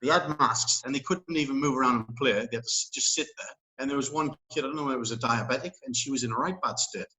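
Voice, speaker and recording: A man's voice: medium pitch, fast talker, hardly any pauses, bright, forceful tone, rough recording. A man speaking as an interview guest. He talks in casual chat, rambling and emphatic, with many fillers and restarts.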